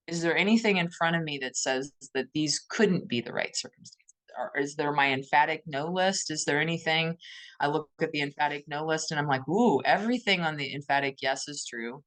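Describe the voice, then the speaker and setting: A woman co-hosting a podcast, speaking in a thoughtful, gently emphatic way and often posing questions to herself. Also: deep voice. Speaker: podcast co-host. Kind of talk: reflective conversational podcast talk.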